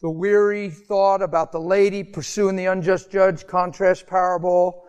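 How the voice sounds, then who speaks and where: A man delivers a sermon in a high-pitched voice. He preaches with passion, climbing to emphatic peaks before dropping to soft, quiet pleading. Now and then he acts out the voices of the people he is describing. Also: level tone, moderate pace, clean tone, lo-fi sound. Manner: acts out quoted voices in conversational asides. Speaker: pastor.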